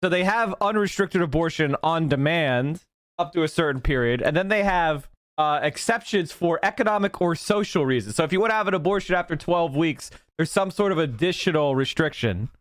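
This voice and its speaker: A man's voice: on the high side, lively intonation, brisk, dry recording. Blunt, profane male streamer. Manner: blunt, profane, thinks aloud. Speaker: stream host reacting to a clip. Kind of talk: casual reaction stream.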